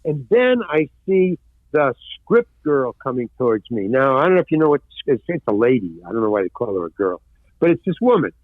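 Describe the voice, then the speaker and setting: A man's voice: mid-range voice, very animated, a little fast, no echo. An older man and film actor, a podcast guest telling a story and acting out the other people's lines in it. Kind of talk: anecdote in a podcast interview. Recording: dry, tinny phone-like line.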